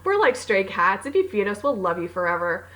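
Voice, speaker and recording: This is a casual book recommendation vlog from a young woman who writes books and vlogs about them. She gushes about her favorites with bubbly excitement, performing her reactions, in a mid-range, bright, forceful voice that swings widely in pitch and moves a little fast. The recording is rough.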